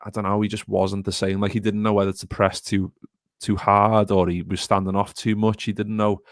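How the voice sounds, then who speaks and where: A man with a very low, gravelly voice co-hosts a live football podcast, rambling casually and reading out viewer comments. His sound is close and dry. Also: level tone, a little fast, no echo. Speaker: podcast co-host.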